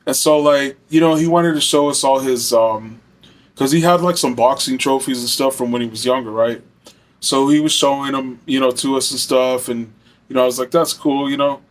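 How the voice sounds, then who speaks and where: A man's voice: medium pitch, normal speed. A young man telling a personal story in a casual, rambling way, full of fillers and swearing. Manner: rambling, heavy fillers, profane.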